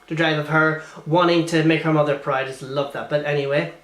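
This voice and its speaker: Man in a film review vlog: gushing, rambling, a bit high-pitched, roomy echoey recording. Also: steady tone, fairly quick, fairly bright tone. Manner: gushing, rambling with many restarts and fillers.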